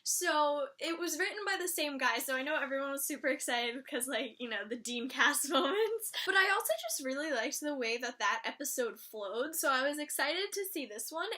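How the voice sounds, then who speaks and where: A young woman chatting casually about a TV episode she loved, gushing and excitable, often breaking into giggles. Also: high-pitched. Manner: gushing, excitable, frequent giggles and squeals of delight. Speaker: fan reviewer of a TV show.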